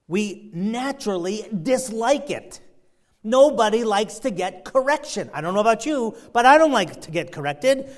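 A man preaching a sermon, fervent, swinging between loud emphasis and quiet asides. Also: high-pitched. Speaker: pastor.

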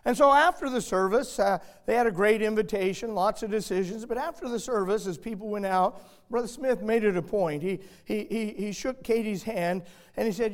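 A man preaching and telling a story from the pulpit, swinging between loud urgent moments and quiet hushed ones. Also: sits high, normal speed. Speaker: pastor. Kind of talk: sermon illustration storytelling.

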